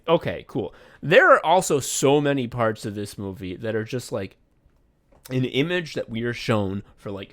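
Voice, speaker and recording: Male podcast co-host, casual and animated, laughs often while recapping. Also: medium pitch. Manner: animated, laughing storyteller, swears freely. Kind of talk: casual chat.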